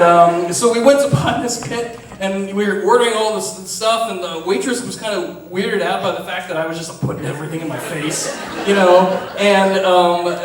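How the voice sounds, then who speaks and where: A man telling a funny story before a live theater audience, animated, laughing often and swearing casually. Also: high-pitched. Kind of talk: live comic storytelling on stage. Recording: echoey theater, distant mic, audience reacting.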